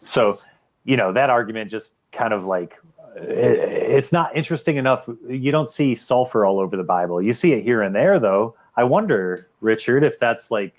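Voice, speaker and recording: A man's voice: mid-range voice, expressive, normal speed, darkish tone. A man in a casual debate, explaining his point loosely with fillers like um and you know.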